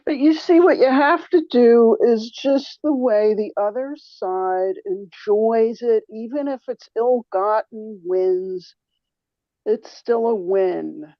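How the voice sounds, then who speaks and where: A woman in casual group chat, talking slowly and hesitantly with wry asides. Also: a little high, no echo, muffled recording. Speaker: regular panelist.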